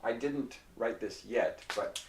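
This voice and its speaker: Male ESL teacher, slow, patient delivery, heard at a distance in a roomy space. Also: medium pitch, slight background noise. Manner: explains patiently, repeats example phrases slowly. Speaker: English pronunciation teacher. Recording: roomy echo, mic at a distance.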